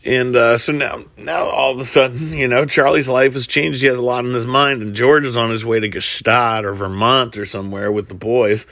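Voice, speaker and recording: A man's voice: medium pitch, steady tone, moderate pace, hardly any pauses, bright, forceful tone, no room sound, studio quality. A man casually retelling a film plot as a comedic storyteller, rambling with many fillers and restarts.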